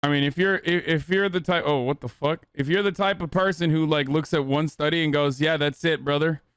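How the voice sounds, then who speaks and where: Guy in his 30s streaming, sarcastic and swears, smooth higher voice, dry close mic. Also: a little fast, a bit bright, no echo. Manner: sarcastic, profane, rambling. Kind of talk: casual livestream commentary.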